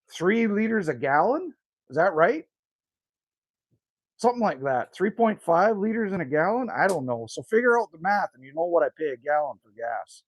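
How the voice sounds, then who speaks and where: A man's voice: sits high, no room sound. An older man from Canada with a Canadian accent, casually chatting with livestream viewers from his cabin woodshed and reading out their names. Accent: Canadian, with bits of Newfoundland. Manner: chatty, reads out viewer names and answers them. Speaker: livestream host.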